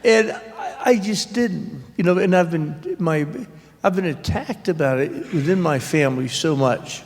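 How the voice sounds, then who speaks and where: A man, an author, telling wry, halting family anecdotes at a library author talk. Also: on the high side. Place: public library event hall. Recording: reverberant hall.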